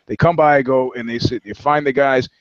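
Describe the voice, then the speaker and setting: A podcast co-host trades casual banter, rambling profanely through anecdotes in a medium-pitched, steady voice at normal speed. Faint music sits behind him, and the dry audio sounds slightly dull.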